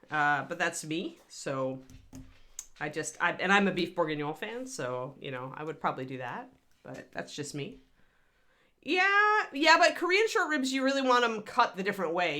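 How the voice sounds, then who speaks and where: Giggly, animated woman hosting a livestream. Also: on the low side. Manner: chatty and giggly, rambling with restarts. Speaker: host of a miniature painting livestream. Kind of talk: casual livestream chat.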